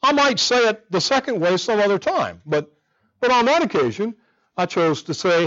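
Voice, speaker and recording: Casting: a man preaching a sermon, pitched a bit high, earnest and conversational, dull lo-fi recording. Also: moderate pace. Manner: animated, conversational preaching with quiet earnest stretches. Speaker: pastor.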